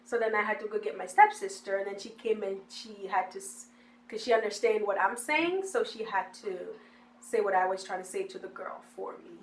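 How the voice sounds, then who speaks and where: A woman's voice: medium pitch, fairly quick. A young woman telling her story in a documentary interview, chatty and acting out what others said. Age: young adult. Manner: chatty, acts out quoted people. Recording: echoey room, faint hiss.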